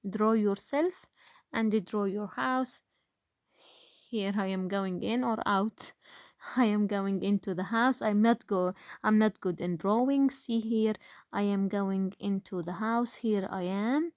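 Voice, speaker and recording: A woman teaching a grade one phonics lesson in English, talking slowly and patiently with many fillers and questions to the children. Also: medium pitch, darkish tone, no room sound, clean studio sound. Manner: slow, patient, with frequent fillers and rhetorical questions.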